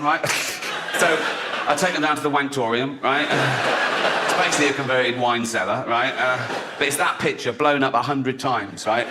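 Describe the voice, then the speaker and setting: A man's voice: medium pitch, normal speed, pauses often, very noisy. A man doing a stand-up comedy set in a chatty way. He tags lines with "right?", laughs at his own jokes and mocks other people's voices.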